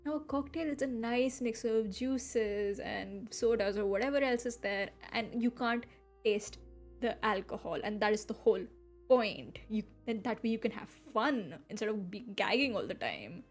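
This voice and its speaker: A woman streamer chatting casually while reading a story game, animated and playfully argumentative. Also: on the high side, moderate pace, soft background music. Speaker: VTuber streamer.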